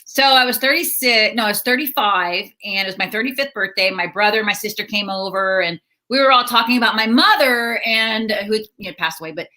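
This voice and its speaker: A middle-aged woman comedian telling stories in a casual interview, chatty and quick to laugh. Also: medium pitch, expressive, pushed and bright. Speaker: stand-up comedian and counselor.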